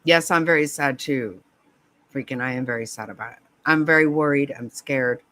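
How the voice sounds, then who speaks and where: A woman's voice: extremely low pitch, normal speed, a bit bright, dry recording. A woman chatting casually with viewers on a live stream, laughing often, swearing and rambling in a flustered way.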